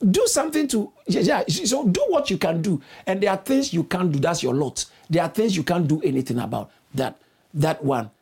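A man preaching a sermon, urging his listeners on and repeating phrases, with his voice leaping high for emphasis. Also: vocal fry, a little mellow, breathy edge.

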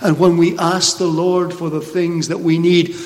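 A male preacher with a fairly high voice delivers an emphatic, rhetorical sermon. He slows right down to stress his points. His voice carries a long reverb through a church hall. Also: flat delivery.

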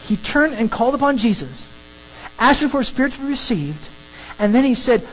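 A preacher giving an animated, emphatic sermon that works through a scripture passage. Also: mid-range voice, normal speed, a little hiss or hum, low-quality recording. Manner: animated, emphatic, acts out crowd scenes.

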